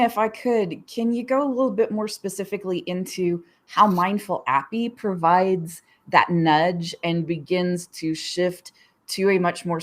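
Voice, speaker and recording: A woman with a lowish voice moderates a panel discussion. She asks her questions politely, choosing her words with care.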